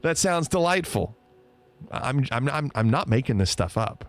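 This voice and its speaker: A man's voice: medium pitch, big pitch swings, normal speed. A man casually chatting on a livestream, reading out viewer comments, teasing and laughing often. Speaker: streamer.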